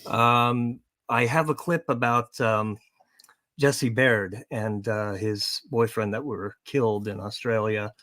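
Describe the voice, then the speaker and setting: Man, true-crime show co-host; casual, relaxed, filler-heavy chat. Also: lowish voice, slow pace. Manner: relaxed, frequent fillers and laughter.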